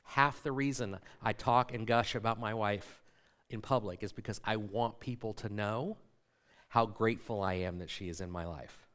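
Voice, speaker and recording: A man's voice: lowish voice, moderate pace, a bit bright. A middle-aged man preaching a sermon as a pastor in a church, conversational and full of rhetorical questions to the congregation. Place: church sanctuary.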